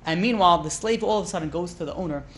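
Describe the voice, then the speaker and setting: Fast-talking rabbi telling stories. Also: male voice, high-pitched, slight background noise. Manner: animated, acts out characters' lines with casual fillers. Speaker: rabbi teaching a class. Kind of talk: storytelling lecture.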